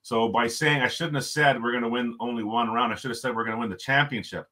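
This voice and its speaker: A middle-aged man, a podcast guest, telling a story in a lively way and chuckling often. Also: mid-range voice, fast talker. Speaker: podcast guest, former hockey coach. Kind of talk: storytelling in conversation.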